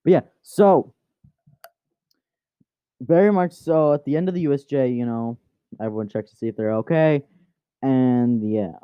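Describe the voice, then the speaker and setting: Slow, tinny-sounding man rambling to his cat. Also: medium pitch, clean tone, dry recording. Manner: distracted, swears and teases his cat mid-story. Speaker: channel host. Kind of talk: casual rambling narration. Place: home room. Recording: dry, tinny phone-like sound.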